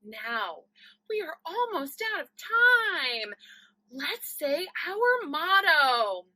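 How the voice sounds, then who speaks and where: A high-pitched woman with a bright, crisp tone, recorded dry and close. She performs an animated comic monologue, unhurried and slipping into Spanish. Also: no echo, low-quality recording. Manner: animated, switching between English and Spanish. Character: frazzled adult woman teaching and on calls. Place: home, recorded for a virtual play festival.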